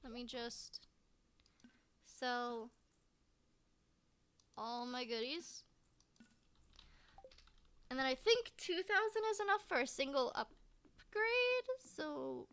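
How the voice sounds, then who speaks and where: High-voiced woman chatting over gameplay. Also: animated, slow, pauses often, fairly bright tone, smooth. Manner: chatty, repeats herself, voices game characters playfully. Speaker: game streamer. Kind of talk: casual gameplay commentary.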